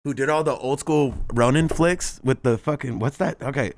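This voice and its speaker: A man's voice: medium pitch, normal speed, slight background noise. A man, a musician guest, talking in casual chat, laid-back and peppering his speech with swearing and "bro".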